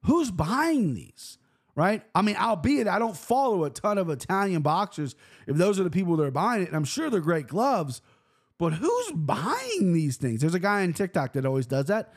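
A young adult man hosting a podcast, telling a story in a casual, profane monologue and acting out quotes with jumps in pitch. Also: lively intonation, a little fast. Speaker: podcast host. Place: home room at a computer.

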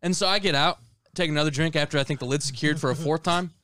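A young man co-hosting a podcast, telling a story in animated, profane casual chat. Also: fairly high pitch, quick pace, heavy background noise. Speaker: podcast co-host.

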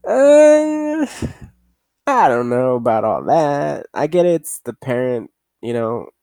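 A young man hosting a casual podcast, rambling and profane, reading news haltingly and laughing at himself. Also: mid-range voice, very animated, dark tone, clear, resonant tone, dry recording. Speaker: podcast host.

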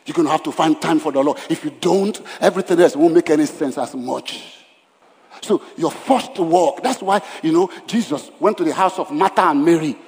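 High-voiced preacher in a reverberant hall. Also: male voice, normal speed, darkish tone. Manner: dramatic, acts out Bible scenes in voices; emphatic repetition. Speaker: pastor. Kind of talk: sermon. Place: church service.

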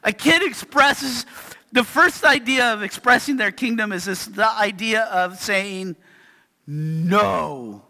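Male pastor, anecdotal sermon, high voice, long hall reverb. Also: a little slow, pushed and bright. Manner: chatty storytelling, keeps asking "right?".

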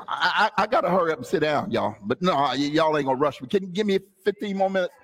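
A man preaching a sermon as pastor to his congregation, calling out to them and climbing from talk into shouted, half-sung lines. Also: sits high. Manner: call-and-response, rising to shouts and sung phrases. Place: church sanctuary.

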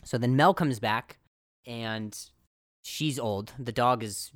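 A man hosting a podcast, telling a comic story in an animated, self-deprecating way, laughing often and jumping into high put-on voices for quotes. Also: slow, no echo, clean studio sound. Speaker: podcast host. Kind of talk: comedic storytelling.

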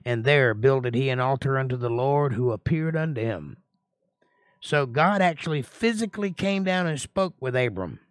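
A man as a relaxed Bible study teacher, mid-pitched, dry close sound, chatty and folksy. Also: normal speed, no echo. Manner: folksy, chatty, greets viewers by name; reads scripture aloud and comments on it.

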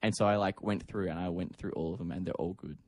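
A man's voice: deep voice, steady tone, fast, a little mellow, dry recording. A young man, a drummer guesting on a podcast, rambling and laughing in casual chat.

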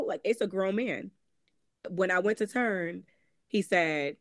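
A woman's voice: on the low side, moderate pace, a bit bright, no room sound, studio quality. A woman from Connecticut with a Connecticut accent, telling her personal story candidly as a guest in an interview, with frequent "um" and "like" as she acts out what others said. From Connecticut, USA. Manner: candid, conversational, frequent "um" and "like", acts out quoted voices. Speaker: guest author.

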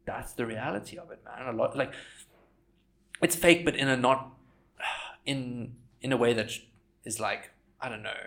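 A young man in casual podcast chat, a filmmaker and content creator who swears freely and acts out quotes in high, mocking voices. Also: measured pace, gravelly, long pauses, fairly bright tone.

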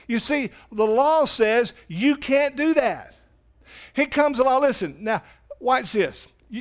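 A man preaching a sermon in a church, animated, swinging from loud emphasis to quiet asides. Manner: animated preaching, rises loud for emphasis then drops low. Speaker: pastor. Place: church sanctuary.

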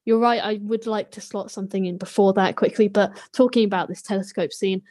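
A woman's voice: medium pitch, steady tone, fairly quick, a little mellow. A woman co-hosting a podcast, reviewing a TV episode in casual chat with a wry, lightly sarcastic manner. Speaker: podcast co-host.

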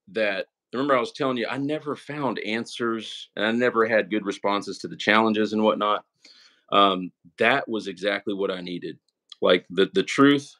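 Low-voiced earnest young man. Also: fairly bright tone. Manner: earnest and emotional, peppers speech with "man" and "right?". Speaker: interview guest. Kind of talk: casual conversational testimony.

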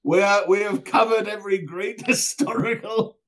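A man co-hosting a casual podcast chat, often giggling and breaking into high laughs. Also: normal speed, a bit bright. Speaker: podcast co-host.

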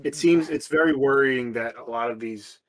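A man's voice: medium pitch, normal speed, a bit bright. Casual man on a podcast, far from mic. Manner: offhand, thinks aloud with restarts and swearing. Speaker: podcast co-host. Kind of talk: casual chat. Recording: far from the mic, roomy echo.

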